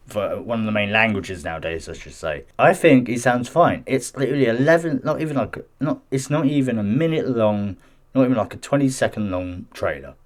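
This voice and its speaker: A man with a fairly low voice talks through gaming news in a loose, chatty way. He reads an article aloud, breaking off for defensive asides and often tripping over his words. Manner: chatty and defensive, stumbles and restarts while reading. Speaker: gaming news channel host. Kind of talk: casual commentary mixed with reading news aloud.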